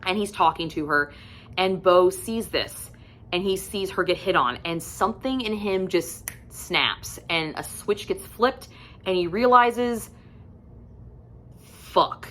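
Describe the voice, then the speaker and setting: A woman casually reviewing books for her vlog, candid and chatty, swearing freely and filling pauses with ums. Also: medium pitch, a bit bright, slight background noise. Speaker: book reviewer.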